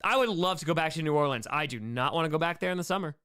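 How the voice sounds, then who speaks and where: A man's voice: a little high, lively intonation, sharp tone, clear, resonant tone. A young man hosting a casual live-stream Q&A, reading chat questions and rambling through jokes and asides. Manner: joking, rambling, quick asides.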